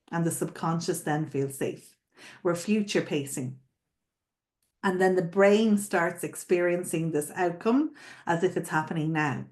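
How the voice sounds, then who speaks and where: A woman coaching florists on selling, explaining in a conversational way and often checking in with her listeners. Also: on the low side. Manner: explains with frequent check-in questions and repetitions. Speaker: sales coach teaching florists. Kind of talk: spoken teaching.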